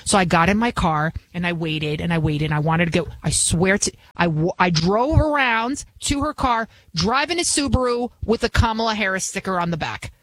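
A woman's voice: fairly low pitch, lively intonation, brisk, few pauses, fairly bright tone, no echo, rough recording. A woman in her forties hosting a radio talk show, telling a story in an indignant, ranting way. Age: 40s.

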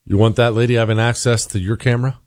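A man's voice: mid-range voice, fairly even intonation, fast, darkish tone, no room sound, clean studio sound. A man hosting a talk radio show, delivering an emphatic monologue full of rhetorical questions.

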